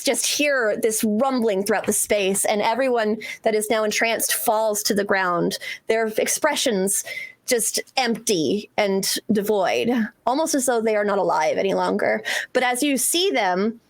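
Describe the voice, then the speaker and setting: A woman narrating a tabletop game as game master, describing scenes in an unhurried way. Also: medium pitch. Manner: descriptive, unhurried, laughs easily.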